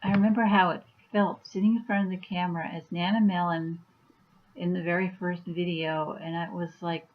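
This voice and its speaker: A woman's voice: on the low side, level tone, normal speed, narrow, tinny audio. A woman chatting casually on her vlog at home, rambling with many fillers. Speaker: YouTuber and author.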